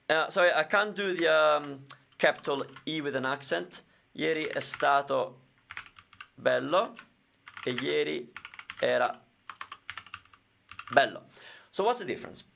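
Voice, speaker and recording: Gravelly Italian teacher taking live questions. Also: male voice, fairly high pitch, takes it slowly, long pauses, fairly bright tone, a little hiss or hum. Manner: explains with everyday examples, answers viewer questions. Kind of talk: live-streamed Q&A lesson.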